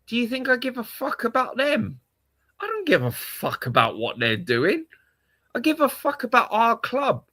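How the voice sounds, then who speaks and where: A man's voice: sits high, very animated, moderate pace, sharp tone, no room sound. A man with a London accent ranting on a casual livestream, exasperated and repetitive, swearing often. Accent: London English. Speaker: live streamer, football fan.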